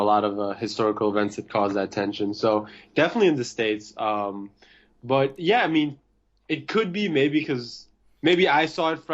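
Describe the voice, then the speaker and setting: Easygoing young man on a dull mic. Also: mid-range voice. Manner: relaxed, easygoing, many fillers and hesitations. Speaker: podcast guest. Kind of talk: casual chat. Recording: slightly dull, lo-fi sound.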